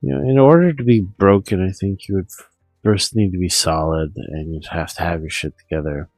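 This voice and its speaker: A man's voice: low voice, brisk, darkish tone, dry recording, faint music behind, low-quality recording. A man streaming a profane, meandering rant full of restarts. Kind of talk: rambling monologue.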